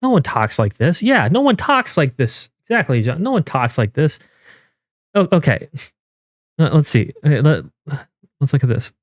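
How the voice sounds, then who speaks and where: A man streaming live, reacting in casual commentary with incredulous, swearing outbursts that jump up in pitch. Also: big pitch swings, moderate pace, no echo, studio quality. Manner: incredulous, swearing, rising to yelps of disbelief. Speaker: game streamer and YouTuber.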